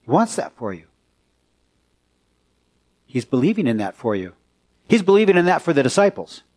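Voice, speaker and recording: A pastor preaching a conversational sermon in a church, turning to the congregation with questions. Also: male voice, a little high, big pitch swings, moderate pace, darkish tone.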